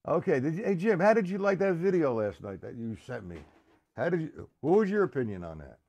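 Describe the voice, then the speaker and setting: A man teaching a live-streamed drum lesson, chatting with viewers by name in a halting, casual way. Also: fairly high pitch, very animated, highs cut off, background noise. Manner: halting, restarts and fillers. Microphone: computer or camera mic on a live stream.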